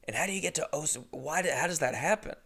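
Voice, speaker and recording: A young man hosting a podcast, telling a comedic story in a rambling, profane, animated way. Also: on the high side, fast talker, vocal fry, husky. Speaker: podcast host.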